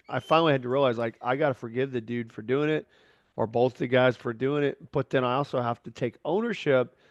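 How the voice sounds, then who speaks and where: A man's voice: mid-range voice, no room sound, highs cut off. A man hosting a podcast in casual chat, talking in a candid, rambling way with frequent restarts and free swearing. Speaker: podcast host.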